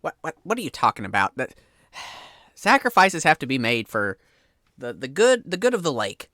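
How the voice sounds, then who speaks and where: A man's voice: on the high side, wildly swooping pitch, normal speed, bright, forceful tone, no echo, clean studio sound, exaggerated voice. A man voicing an indignant fisherman in a tabletop game who stammers as he defends his sacrifice to the lake.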